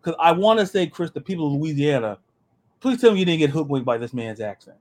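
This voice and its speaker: Man, podcast host, casual sports chat, animated, higher pitch. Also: quick pace. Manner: animated, repeats words, joking asides.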